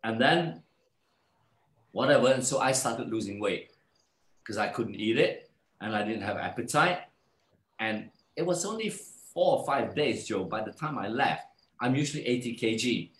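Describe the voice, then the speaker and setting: Animated man telling a story in a roomy space. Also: medium pitch, normal speed. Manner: animated, acts out the voices of people in his story. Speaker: guest. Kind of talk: casual storytelling in a live online talk.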